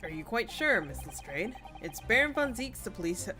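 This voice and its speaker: A woman's voice: mid-range voice, big pitch swings, moderate pace, over music, pitched below the performer's own voice, close to an everyday voice. Woman reading as a flustered young lawyer. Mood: alarmed. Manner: polite, hesitant, flustered.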